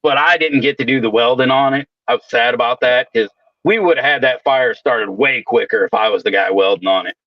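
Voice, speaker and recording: A man's voice: mid-range voice, brisk, dry recording, lo-fi sound. A man telling rowdy work stories in casual, profane chat, swearing constantly. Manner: swaggering storyteller, swears constantly. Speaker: welder co-host.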